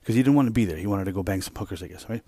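A man hosting a podcast, telling a rambling, profane workplace story in a casual, animated way. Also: on the low side, very fast, husky, no echo. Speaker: podcast host.

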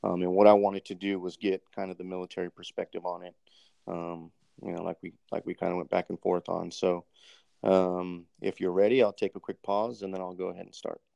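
Man host for an interview: very low, gravelly, hesitant, polite. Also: little pitch movement, fairly quick, mellow, no echo, highs cut off. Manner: hesitant, many ums, polite and formal. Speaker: podcast host, army master sergeant. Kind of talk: casual interview hosting.

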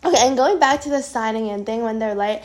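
Teenage girl, high-pitched, giggly, rambling, casual podcast chat. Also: fast, a little mellow. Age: teens. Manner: giggly, rambling, lots of fillers. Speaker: podcast co-host.

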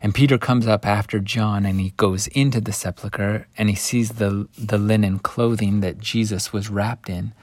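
Animated man retelling scripture. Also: lowish voice, normal speed, hardly any pauses, no echo. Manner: animated storytelling, swinging between hushed and lively. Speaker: scripture teacher.

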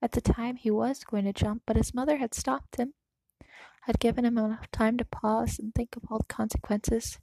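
A woman narrating a story aloud in a soft, emotional reading that sometimes drops to a whisper. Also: on the high side, little pitch movement, normal speed, gravelly, no echo, poor audio. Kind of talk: reading fan fiction aloud.

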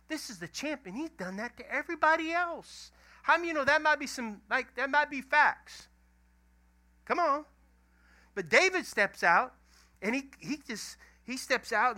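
A middle-aged pastor, preaching a lively, emphatic sermon full of stories. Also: male voice, extremely high pitch, normal speed. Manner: animated, emphatic storytelling preaching.

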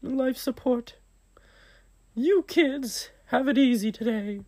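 A man voicing a grumbling old-timer in a high strained falsetto, heard over an online voice call. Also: slow, darkish tone, exaggerated voice. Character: squeaky grumbling old-timer, nostalgic complainer.

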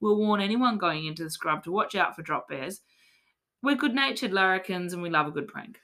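A woman's voice: on the low side, animated, brisk, sharp tone. An Australian woman hosting a casual podcast, telling a tall tale in a mock-serious, playful way. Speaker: podcast host.

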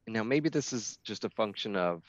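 Rambling low-voiced male podcast guest. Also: animated, unhurried, no echo. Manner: rambling, casual swearing, many restarts. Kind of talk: casual podcast chat. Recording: dull lo-fi audio.

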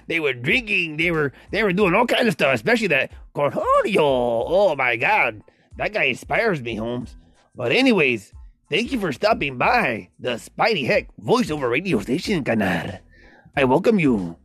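A man voicing a brash, loud Mexican-American radio-jock character who talks in profane, hyped-up slang. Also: a little high, breathy edge, no echo, pitched above the performer's own voice, heavily acted. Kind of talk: voice-message banter.

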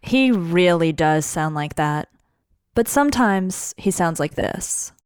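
A woman's voice: fairly low pitch, animated, slow, clean tone, dry recording. A woman in her thirties giving scripted narration in a wry, confiding way.

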